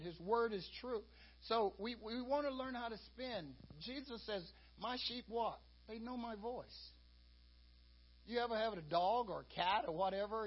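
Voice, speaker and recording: A man's voice: high-pitched, breathy edge. A man preaching a sermon in a folksy, conversational way, peppering his talk with "you know". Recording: dull lo-fi recording.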